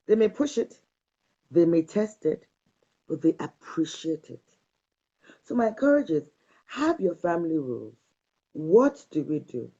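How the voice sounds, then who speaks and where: A woman talks about parenting in a warm, slightly husky voice. She is emphatic and drives her points home with short repeated commands. The recording sounds dull and lo-fi. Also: deep voice. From Nigeria. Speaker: parenting speaker. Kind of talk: direct-to-camera parenting talk.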